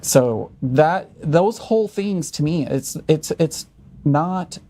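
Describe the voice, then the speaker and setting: A man's voice: fairly high pitch, animated, takes it slowly, dark tone. A man appearing as a guest on a podcast, speaking bluntly and provocatively in casual chat.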